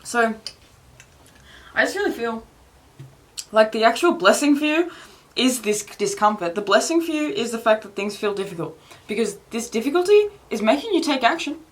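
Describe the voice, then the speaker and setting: Chatty, swearing Australian-born tarot reader. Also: female voice, fairly high pitch, big pitch swings, moderate pace, pauses often, slight background noise. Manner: rambling, swears freely, laughs often, many "like" fillers. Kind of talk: casual tarot reading.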